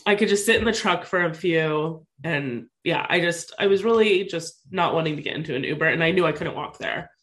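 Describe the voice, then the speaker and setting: A woman's voice: on the low side, a little fast, hardly any pauses. A woman in her thirties casually telling a personal story to a co-host, full of "like" fillers. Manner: chatty, lots of "like" fillers, animated retelling.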